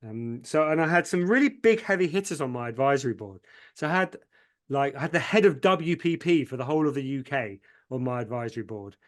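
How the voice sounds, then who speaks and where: An agency founder on a podcast tells his story in an animated, medium-pitched voice at a fairly quick clip. He's candid and full of feeling, repeating words when moved and acting out what people said to him.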